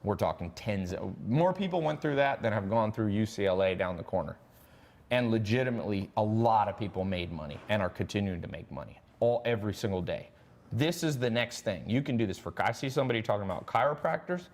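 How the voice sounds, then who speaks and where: A male host with a mid-pitched voice talks fast and animatedly, cracking jokes as he sells a training course on a live stream.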